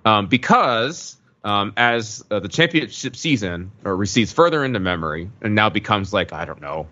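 A man's voice: on the low side, animated, moderate pace, pushed and bright. Wry, chatty man on a dull mic. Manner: chatty, wry, many fillers. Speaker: podcast co-host. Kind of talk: casual chat.

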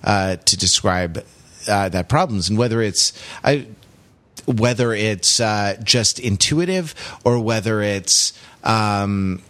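A man hosting a podcast in a fairly low voice. He talks haltingly, restarting his phrases and leaning on fillers. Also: fairly bright tone. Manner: hesitant, many restarts and fillers. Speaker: podcast host.

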